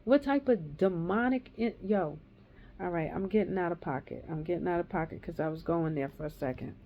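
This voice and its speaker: A woman's voice: lowish voice, a little fast. Heated profane woman ranting, dull lo-fi. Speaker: woman giving a personal testimony. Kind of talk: raw angry monologue. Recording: dull lo-fi recording.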